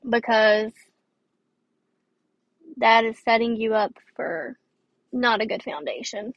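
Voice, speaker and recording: A woman's voice: on the high side, fairly even intonation, takes it slowly, no echo, dull audio. A young woman hosting a casual advice podcast, rambling and tired with a dry throat. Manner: chatty, rambling, with fillers and restarts. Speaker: podcast host.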